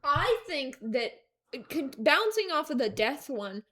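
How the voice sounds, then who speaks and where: A young woman with a high voice trading jokes as a podcast co-host. She talks loosely and riffs, slipping into mocking quoted voices between her own lines. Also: sing-song, slow, bright, forceful tone. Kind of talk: casual chat.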